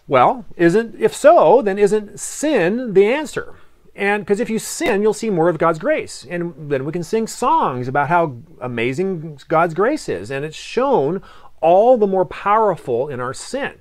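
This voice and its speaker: A man preaching a sermon in a conversational way, asking rhetorical questions and reading scripture aloud slowly. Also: high voice, very animated. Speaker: pastor.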